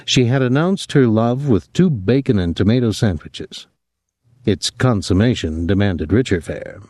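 A man narrating a novel in a measured, even manner. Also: fairly low pitch, no echo, clean studio sound. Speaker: audiobook narrator.

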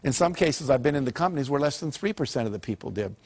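A man's voice: mid-range voice, expressive, fast, slightly rough. Emphatic male motivational speaker. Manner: storytelling, emphatic, asks the audience rhetorical questions. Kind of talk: seminar talk to a live audience.

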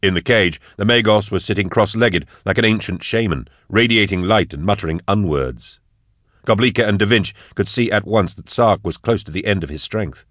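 Brief: man with a very low voice, measured audiobook narration, dry close sound. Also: fairly bright tone, dry recording. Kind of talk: scripted narration.

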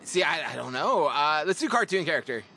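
Man, podcast guest, casual chat, rambling, self-deprecating, high pitch. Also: big pitch swings, fairly quick, sharp tone, soft background music.

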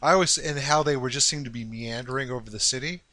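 Man, mid pitch, bright voice, dry close mic, relaxed film talk, thinking aloud. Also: fast talker, no room sound. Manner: musing, thinks aloud at length. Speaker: podcast host. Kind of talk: casual film discussion.

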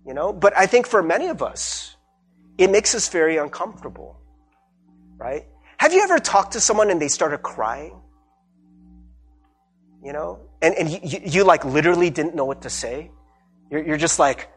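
A man's voice: on the high side, normal speed, pauses often, faint music behind. A male pastor giving a conversational sermon, acting out bits of everyday dialogue and checking in with "right?". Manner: animated, acts out everyday dialogue with repeated "right?".

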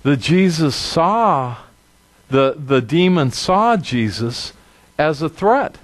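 A male pastor preaching a sermon with emphatic, dramatic delivery. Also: slow. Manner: animated, emphatic, dramatic drops to a low voice.

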